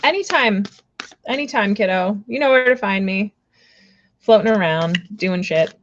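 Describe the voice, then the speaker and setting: A woman's voice: medium pitch, animated, unhurried, lo-fi sound, a little hiss or hum. A woman giving casual card readings on a live stream, rambling with lots of fillers, laughing and apologizing often.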